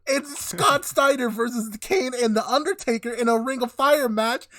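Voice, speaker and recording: A man's voice: very high voice, normal speed, a bit bright, no echo, clean studio sound. A young man hosting a podcast, animatedly telling a made-up story, laughing and swearing often. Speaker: podcast host. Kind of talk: casual chat.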